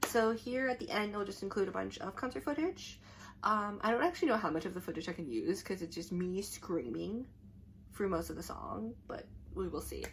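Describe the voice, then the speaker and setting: A woman's voice: mid-range voice, lively intonation, brisk, slight background noise. A young adult woman vlogging to camera, telling a story in a chatty, rambling way full of "like" and restarts.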